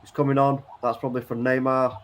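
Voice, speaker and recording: A man co-hosting a football watchalong, talking in a relaxed, hesitant way with plenty of fillers. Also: medium pitch, fast. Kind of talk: casual live match chat.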